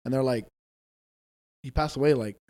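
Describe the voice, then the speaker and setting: A man's voice: mid-range voice, moderate pace, dark tone. A man co-hosting a podcast, telling ghost stories in casual chat, loose and swearing, acting out the people he quotes. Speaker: podcast co-host.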